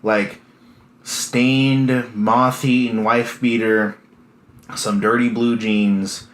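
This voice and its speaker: A man in his early twenties with a deadpan, self-deprecating way of rambling through a casual comedic monologue. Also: mid-range voice. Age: early 20s. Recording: echoey room with faint hiss.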